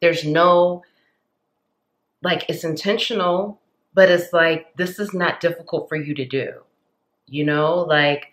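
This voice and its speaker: A woman's voice: low voice, takes it slowly, long pauses. A woman giving a pick-a-card tarot reading, talking in an earnest, rambling, encouraging way with many "like"s. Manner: earnest, rambling, heavy use of "like"; passionate, encouraging. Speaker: tarot reader.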